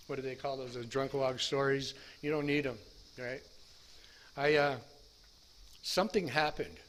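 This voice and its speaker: A man's voice: mid-range voice, a bit bright. This is a middle-aged man in a mid-range voice giving a personal recovery testimony. He rambles candidly and mocks himself, restarting his sentences. Faint background noise sits under the recording. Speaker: speaker sharing his recovery story.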